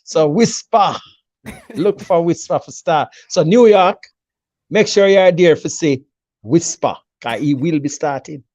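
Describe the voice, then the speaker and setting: A man's voice: a little high, expressive, measured pace, darkish tone, no room sound, muffled recording. A man with a Jamaican accent in a casual sports chat, confidently breaking down a team selection and mixing patois with English. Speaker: football pundit.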